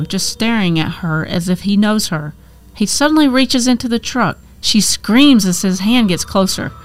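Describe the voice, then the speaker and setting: Woman narrating a horror story. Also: medium pitch.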